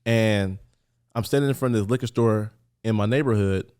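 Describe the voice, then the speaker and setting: Animated male podcast guest telling stories. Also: on the low side, moderate pace, smooth. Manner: animated, acts out quoted voices, many "like" fillers. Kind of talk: conversational storytelling.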